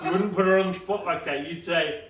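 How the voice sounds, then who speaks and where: A man, co-hosting a casual podcast in an animated, mock-defensive way. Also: high voice, a little fast, soft background music. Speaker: podcast co-host. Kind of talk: casual chat. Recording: roomy and distant, faint background noise.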